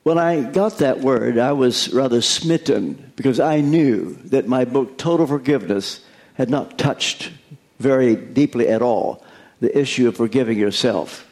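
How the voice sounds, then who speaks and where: A man's voice: medium pitch, measured pace, darkish tone. An older American man, a pastor, giving an earnest, confessional sermon.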